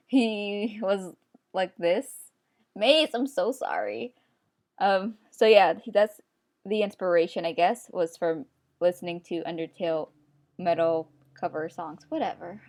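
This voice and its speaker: A young woman who makes art videos on YouTube rambles casually at length while she draws, chatty and self-mocking, often breaking into laughter. Her mid-range voice is a little slow with a darkish tone, recorded as a computer screen-recording voice-over.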